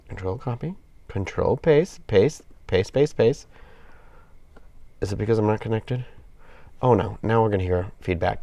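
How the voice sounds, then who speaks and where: A man's voice: fairly low pitch, smooth, dry recording. A man with a stuffed-up nose chatting casually on a live gaming stream, rambling and apologetic. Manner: rambling, apologetic, self-deprecating. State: stuffed up with a cold.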